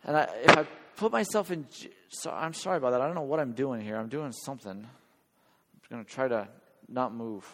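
A man preaches in a church hall, his bright, forceful mid-range voice carrying long hall reverb over slight background noise. He speaks at normal speed, earnest and conversational, regularly questioning his listeners.

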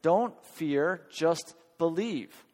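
A man voicing a calm, gentle teacher who speaks softly and slowly to reassure. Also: a little high. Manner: soft, slow, reassuring. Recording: long hall reverb.

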